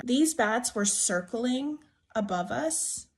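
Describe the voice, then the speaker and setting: A woman's voice: fairly high pitch, measured pace, darkish tone. A young woman earnestly narrating a ghost story as a storytime, chatty and full of fillers. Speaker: storyteller in a played clip.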